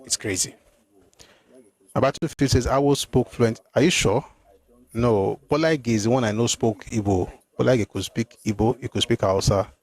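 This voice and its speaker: A man hosting a live stream, answering viewer comments in an animated, exclamatory way, often repeating himself. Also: medium pitch, moderate pace. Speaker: host.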